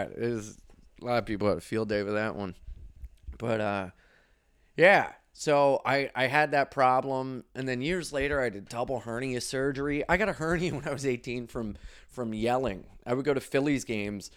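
A young man, a comedian, telling stories in a loose, profane monologue, laughing often and swinging his pitch widely. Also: clear, resonant tone. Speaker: comedian podcast host. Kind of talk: casual storytelling monologue.

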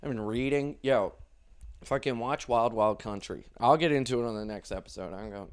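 A young man, a comedian, telling stories in a loose, profane monologue, laughing often and swinging his pitch widely. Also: fairly quick, smooth. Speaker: comedian podcast host. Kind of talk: casual storytelling monologue.

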